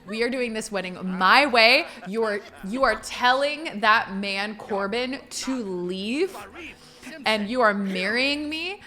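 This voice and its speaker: A man's voice: sits high, takes it slowly, sharp tone, heavily acted. Woman voicing a domineering jilted fiancé. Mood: threatening. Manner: threatening, domineering. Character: controlling, vengeful jilted male fiancé.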